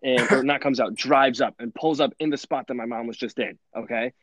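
A young man telling stories in a rambling podcast chat, animated and full of fillers and laughs. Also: mid-range voice, fairly quick, low-quality recording. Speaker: podcast host. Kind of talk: casual storytelling chat.

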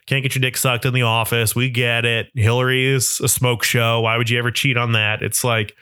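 A man's voice: mid-range voice, level tone, brisk, sharp tone, clear, resonant tone, no room sound, clean studio sound. A man in a casual, profane political rant, sarcastic and often laughing.

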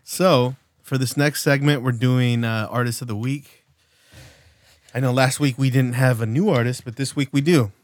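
A man's voice: medium pitch, fairly even intonation, normal speed, dry recording, clean studio sound. A man in his late twenties co-hosting a podcast, rambling casually with lots of fillers and swearing. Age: late 20s. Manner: rambling, loose, profane, many fillers. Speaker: podcast co-host.

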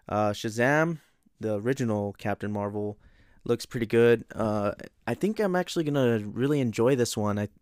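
A man's voice: mid-range voice, a little mellow, clear, resonant tone, dry recording, clean studio sound. A man hosting a casual pop-culture chat, rambling and swearing freely. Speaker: host.

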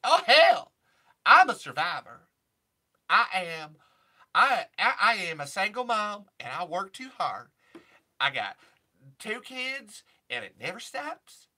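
A man's voice: sits high, sing-song, slow, long pauses, sharp tone, exaggerated voice. A man doing a brassy country gal. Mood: defiant. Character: brassy Southern country-singer woman, tough, single mom.

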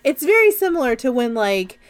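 A young woman co-hosting a podcast, casually recapping a movie in an animated, sarcastic way and swearing freely. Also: sits high, fairly quick, clear, resonant tone. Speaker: podcast co-host.

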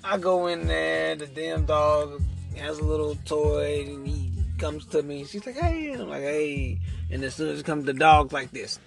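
A man telling a story in casual chat, animated and profane, acting out quotes. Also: on the high side, moderate pace, creaky, few pauses, faint music behind.

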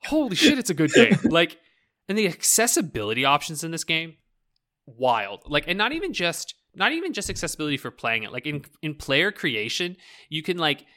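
A man's voice: on the high side, very animated, moderate pace, pushed and bright. A man rambling about video games in a casual podcast chat, swearing freely, leaning on "like" and laughing often.

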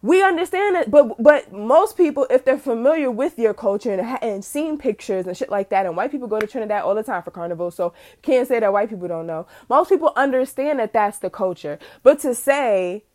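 A woman's voice: fairly high pitch, animated, a little fast, few pauses, a little mellow. A young woman hosting a podcast, ranting bluntly and animatedly about cancel culture with profanity and mocking asides. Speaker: podcast host. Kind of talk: casual opinion monologue.

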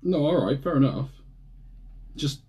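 A man's voice: fairly high pitch, lively intonation, measured pace, warm tone. A man, co-hosting a podcast in a casual, jokey chat and laughing often. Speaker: podcast co-host.

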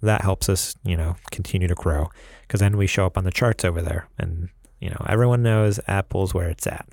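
A man's voice: sits low, a little fast, vocal fry, darkish tone, dry recording, studio quality. A man from upstate New York co-hosting a casual podcast, chatting and reading plugs with frequent laughs. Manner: laughs often, reads plugs with rambling asides. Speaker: podcast co-host.

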